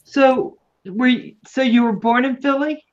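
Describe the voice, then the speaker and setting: A woman's voice: sits high, a little slow, muffled recording. A woman from Maryland with a slight Southern accent, hosting a casual livestream interview, teasing and giggling with her guest. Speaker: livestream host.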